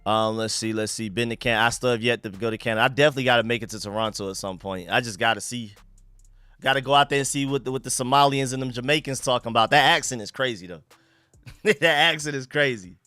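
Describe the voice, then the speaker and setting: A young man from the United States hosting a live stream, chatting casually and shouting out viewers and donations. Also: mid-range voice, steady tone, quick pace, clean tone, no echo. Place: home room.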